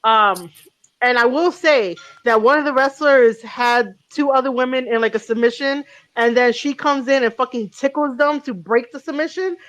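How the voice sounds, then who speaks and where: A woman's voice: high-pitched, moderate pace, fairly bright tone, soft background music, low-quality recording. A woman hosting a podcast in casual chat, rambling with lots of ums and restarts and cursing freely. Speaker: podcast host.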